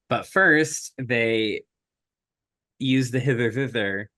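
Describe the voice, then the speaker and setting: Low-voiced man rambling through a recap. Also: measured pace, no echo, clean studio sound. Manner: rambling, animated retelling with acted quotes and frequent likes. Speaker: podcast co-host. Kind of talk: casual movie recap chat.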